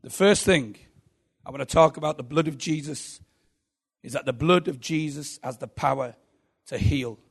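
Male preacher, slightly high voice with gravelly fry, emphatic rhythmic delivery, sermon. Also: normal speed.

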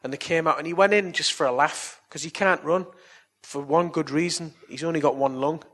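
Male preacher, husky tone, pitched a bit high; chatty storyteller who moves into earnest appeals. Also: a little fast, fairly bright tone. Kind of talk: evangelistic sermon and altar call.

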